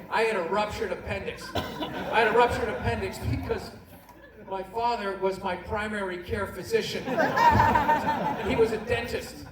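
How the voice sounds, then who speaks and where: A man doing a stand-up comedy routine, ranting and cursing as he acts out arguments with his wife and shouts the punchlines. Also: very high-pitched, noisy background. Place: comedy venue stage. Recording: echoey venue, distant mic, loud crowd. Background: audience laughter.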